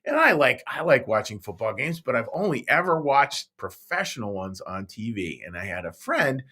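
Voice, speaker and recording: A man, a pastor, telling a Bible story to young children in a playful, animated way, speaking right to the kids. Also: mid-range voice, moderate pace.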